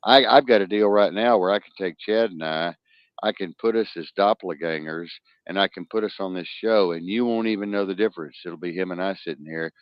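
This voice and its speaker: Low-voiced man warning emphatically. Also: brisk, no room sound, muffled recording. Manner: emphatic, warning, addresses the audience. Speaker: podcast host. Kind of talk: casual podcast talk.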